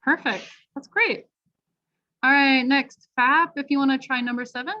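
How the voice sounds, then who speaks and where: A fairly high-voiced American woman leads an online pronunciation class. She is encouraging and explains clearly with examples. Her voice comes through a dull, lo-fi video call. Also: moderate pace. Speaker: English pronunciation teacher. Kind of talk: online workshop teaching.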